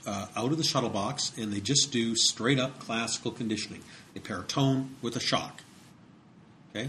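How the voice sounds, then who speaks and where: A man of middle pitch delivers a relaxed lecture and talks it through conversationally. He often restarts phrases and fills pauses with "um" and "uh." A faint noise sits under the recording. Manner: conversational, repeats words and uses many fillers.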